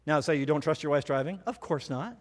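A middle-aged man preaching a sermon, telling personal stories with animated, self-mocking humor. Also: a little high, brisk. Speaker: pastor. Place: church hall. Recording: hall reverb.

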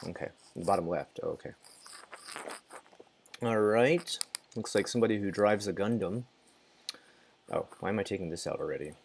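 A man's voice: lowish voice, moderate pace, creaky, long pauses, slight background noise. A man casually commenting as he plays a game, muttering, reacting and sometimes swearing. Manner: mutters and reacts while playing, swears, laughs. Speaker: gaming channel host.

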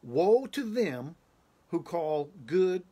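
A solemn voice from heaven speaks in drawn-out, measured phrases, like an angel pronouncing judgment. A male preacher voices it as he retells a dream. Each word is weighty and deliberate. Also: fairly high pitch, sing-song, mellow, breathy edge, voice pushed up, heavily acted. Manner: slow, measured, proclaiming.

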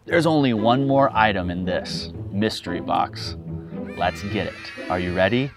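A man hosting a children's educational show, talking to young viewers in an excited, exaggerated way. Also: lowish voice, normal speed, over music. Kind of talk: upbeat kids' educational presenting.

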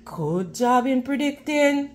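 Woman storybook reader for children; high, unhurried, encouraging. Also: expressive. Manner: slow, clear, encouraging questions to children. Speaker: children's read-aloud narrator. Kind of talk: storybook read-aloud for children.

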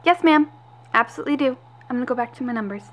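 A woman's voice: high voice, racing. A woman voicing a fed-up female lab assistant who talks in a raised, indignant way, in amateur doll-video voice acting. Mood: meek.

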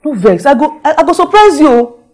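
A woman's voice: sits high, sing-song, brisk, a little mellow, soft background music. A woman with a Nigerian Pidgin accent playing a teasing, meddling female house help who scolds sharply and coaxes sweetly. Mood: coaxing. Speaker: actress in a Nollywood film.

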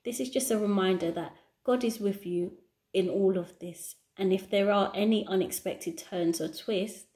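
Gentle, mellow-voiced woman teacher. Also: mid-range voice, moderate pace. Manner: gentle, encouraging explanation. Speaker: children's church teacher. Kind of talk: children's lesson.

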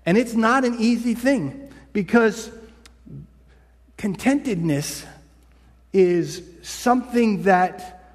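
A man delivers a sermon with a high voice in a lingering, echoing church hall. He preaches conversationally and acts out short quoted lines along the way. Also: expressive, takes it slowly, pauses often. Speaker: pastor. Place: church sanctuary.

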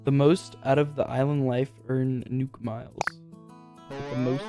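A young man streaming a video game live, reading the on-screen text aloud and breaking into excited, high exclamations. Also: measured pace, soft background music.

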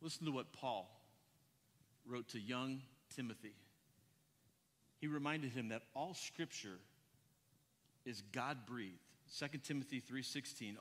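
A male pastor telling a story in a sermon, animated and often repeating his first words. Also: mid-range voice, a little slow, long pauses. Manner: animated, repeats words when starting sentences. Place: church. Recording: echoey church hall.

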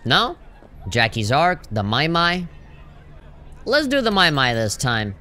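A man's voice: fairly high pitch, wildly swooping pitch, takes it slowly, noisy background. A man streaming a game, reacting with jokes, laughs and swearing in casual commentary.

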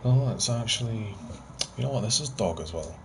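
A young man talks through a gaming session on a headset, cursing and cracking jokes with his friends. His voice sits somewhat low. Game sounds come through clearly behind him. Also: lively intonation, moderate pace. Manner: sweary, joking, sighs often. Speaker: gamer playing with friends online. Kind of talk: casual gameplay chat. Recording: noisy game capture.

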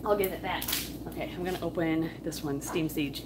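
A chatty, excitable woman co-hosting a casual chat while opening fan mail. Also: low-pitched, brisk, roomy sound, far from the mic, background noise. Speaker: co-host.

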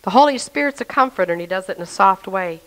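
A woman's voice: mid-range voice, expressive, fast, poor audio. A woman telling her personal faith testimony in an earnest, emotional way, speaking straight to the listener.

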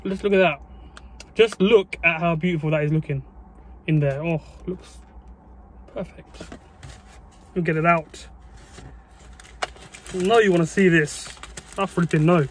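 A young man, chatting excitably in a casual food review vlog and dropping mild swears and "mate". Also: a little high, a little slow, long pauses, slight background noise. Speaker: food vlogger.

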